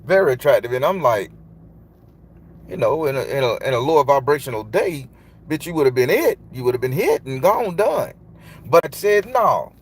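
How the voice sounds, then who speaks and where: A man's voice: mid-range voice, lively intonation, moderate pace, breathy edge. A man, a tarot reader telling a long, loose, profane story in casual monologue. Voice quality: loose, profane, emphatic delivery.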